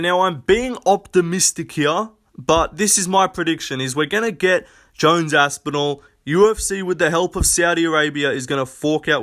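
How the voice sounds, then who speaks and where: A man's voice: on the high side, fairly bright tone. A young man talking casually on his own channel, giving blunt, profane, rambling predictions full of fillers and restarts. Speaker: MMA commentator. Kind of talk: casual solo prediction rant.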